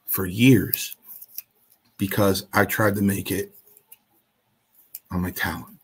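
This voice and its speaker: A man's voice: deep voice, steady tone, slow, a little hiss or hum. A man guest in an interview, telling a story in a casual way and acting out the other voices in his quotes.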